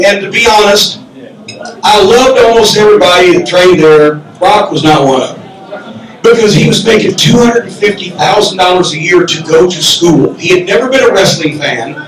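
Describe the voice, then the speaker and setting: An older man telling a profane comedic story on stage at a live podcast, loud and animated, acting out the quotes. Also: high-pitched, distant mic. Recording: roomy echoey club from the mic.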